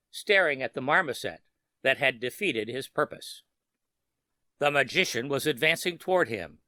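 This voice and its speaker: Male storyteller for sleep horror: measured and steady, bright tone, dry close sound. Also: fairly high pitch, no echo. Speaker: narrator. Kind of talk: scripted horror narration for sleep.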